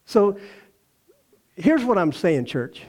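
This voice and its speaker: Folksy older Texan preacher, high voice. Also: male voice, very animated, slow, a little mellow. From Texas. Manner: folksy storytelling, acts out quoted voices, laughs often. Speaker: pastor. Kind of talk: sermon.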